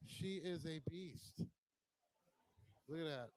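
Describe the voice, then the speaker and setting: A man's voice: a little high, slow, darkish tone, no echo, rough recording. A man hosting a motorcycle vlog, walking around a bike show with a handheld camera and giving casual, admiring commentary on each bike, now and then swearing bluntly. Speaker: motovlog host.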